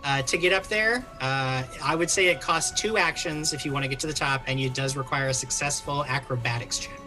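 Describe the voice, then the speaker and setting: A game master narrating a live tabletop game, animated and full of quick fillers. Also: medium pitch, over music.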